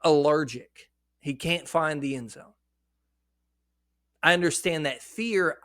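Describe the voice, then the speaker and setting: Excitable man with a shaky voice. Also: on the high side, no room sound, studio quality. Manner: excitable, blunt and profane, talks straight to viewers. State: shaky voice after hours of hiccups. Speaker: fantasy football content creator. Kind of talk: casual fantasy football talk to camera.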